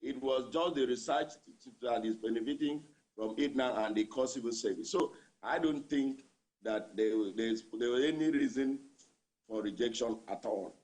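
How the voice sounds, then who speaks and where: A man's voice: medium pitch, darkish tone. A man with a Nigerian accent, a labour union leader answering a news interviewer by remote line, repeating his points for emphasis.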